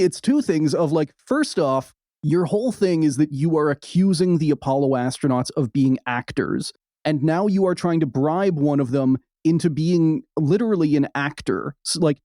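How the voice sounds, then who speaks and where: A man co-hosting a podcast, recapping a film in wry, casual chat with quick asides. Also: a little high, expressive, warm tone, no echo, studio quality. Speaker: podcast co-host.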